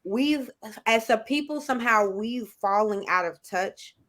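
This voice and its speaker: A woman's voice: a little high, unhurried. A woman guest in a casual podcast chat, talking earnestly about her clients and acting out what they say. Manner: earnest, animated, acts out client quotes. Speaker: guest who counsels clients.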